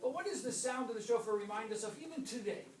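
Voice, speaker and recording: A woman teaching a class, playfully quizzing her students with lots of questions and lively swings in her voice. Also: fast talker. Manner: playful, asks many questions, animated swings in pitch. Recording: echoey room, mic far off.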